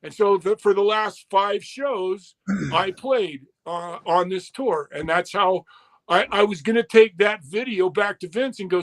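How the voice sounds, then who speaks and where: A man's voice: high voice, a little slow. A middle-aged man in an interview, swearing often and acting out the dialogue as he tells a long story. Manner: profane, animated retelling with quoted dialogue. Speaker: interview guest.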